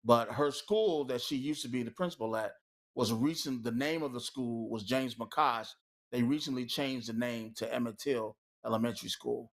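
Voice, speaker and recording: A man's voice: medium pitch, normal speed. A man on a talk-show panel, speaking with anger and emphasis and leaning on many "you know" fillers. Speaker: co-host. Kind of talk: heated panel discussion.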